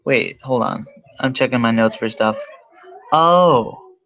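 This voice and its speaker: A young man with a slightly bright, medium-pitched voice speaks slowly through a slightly dull lo-fi mic. He casually reviews a movie, rambling with plenty of fillers and swearing.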